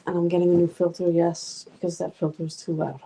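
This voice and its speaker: Woman streamer, low mellow voice, casual profane chat, home room. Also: flat delivery, fast, slight background noise, poor audio. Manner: profane, loose and rambling. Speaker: livestream host. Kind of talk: casual chat with live chat viewers. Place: home room with a noisy fish tank.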